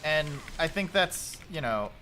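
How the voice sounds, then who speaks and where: A man in his late twenties talks loosely through a game stream, with a bright, forceful tone and lively jumps in pitch. He swears freely and barks at the game when a fight goes badly. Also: measured pace, a little hiss or hum. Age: late 20s. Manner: loose, profane, yells at the game. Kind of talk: casual game-stream chat.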